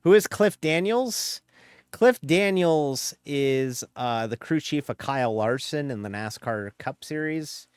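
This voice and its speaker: A man's voice: on the high side, animated, slow, smooth, no room sound, studio quality. A man with a slightly nasal voice, chatting casually on a live stream and rambling with many fillers.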